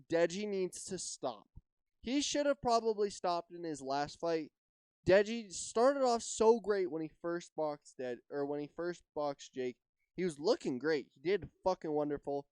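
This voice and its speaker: A man's voice: high voice, a little mellow, smooth, no echo. A man hosting his own podcast alone, talking in a casual, rambling way, swearing freely and hedging with "like". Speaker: podcast host. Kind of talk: solo casual podcast chat.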